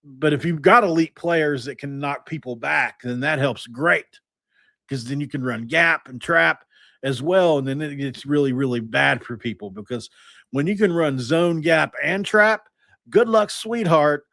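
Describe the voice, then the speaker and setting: A man hosting a casual sports podcast, energetic and rambling as he reels off stats. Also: mid-range voice, normal speed, vocal fry, dry recording. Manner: energetic, stat-heavy, rambling. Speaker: podcast host.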